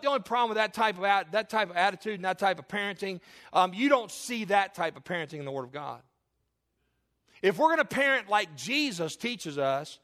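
A man's voice: high-pitched, a bit bright. A middle-aged man, a pastor preaching a sermon with fervour, calling out to his congregation with questions and appeals. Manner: impassioned preaching with rhetorical calls to the congregation.

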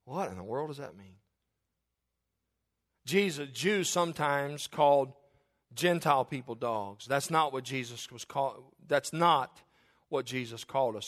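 A man's voice: medium pitch, a bit bright. A middle-aged man preaching a sermon, who jokes about himself and acts out the voices of the people he quotes.

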